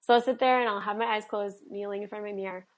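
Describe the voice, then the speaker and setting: A woman health coach talking in a casual podcast conversation, earnest and animated, with many fillers, acting out little dialogues. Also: mid-range voice, very fast. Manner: acts out quoted dialogue.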